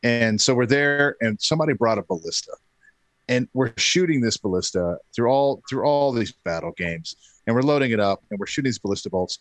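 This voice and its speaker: A man in his thirties tells a story in relaxed, casual talk. He jumps up in pitch to act out what others said, and his voice sounds dry and close to the mic. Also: dry recording. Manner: animated, acts out quotes. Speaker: podcast guest.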